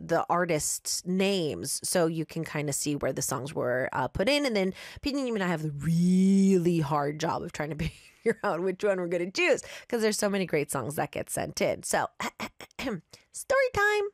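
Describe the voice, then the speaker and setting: Chatty woman radio host, lively voice. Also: lowish voice, moderate pace, dry recording, studio quality. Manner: upbeat and chatty, with fillers. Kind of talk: casual radio talk and story reading.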